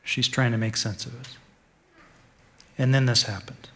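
A male pastor preaching an Easter sermon in a conversational way, dropping to a hush and then rising to stress a point. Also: mid-range voice, steady tone, moderate pace. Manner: conversational preaching, swings from hushed to emphatic.

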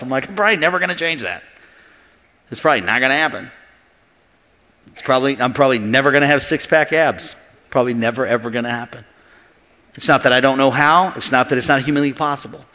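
A man preaching a sermon as pastor, animated and joking with the congregation in a large church. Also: a little high. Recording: long hall reverb with faint music.

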